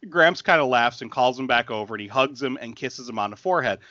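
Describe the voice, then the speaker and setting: With an animated, quick delivery, a podcast co-host in his thirties recaps a film scene by scene in a casual chat, laughing and playing out the characters' dialogue. His voice is mid-range and sharp-toned, recorded dull and without echo.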